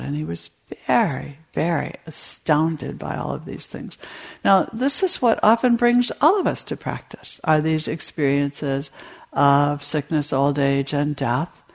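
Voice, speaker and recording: A woman meditation teacher giving a dharma talk to retreat participants, in a slow, storytelling delivery. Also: low-pitched, creaky, darkish tone.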